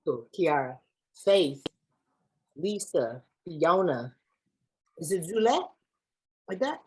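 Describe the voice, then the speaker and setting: A woman's voice: lowish voice, sing-song, slow, a little mellow, slightly rough, low-quality recording. A woman from Los Angeles facilitating an online workshop over a video call in a playful, slangy, chatty way. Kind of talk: lively online workshop hosting.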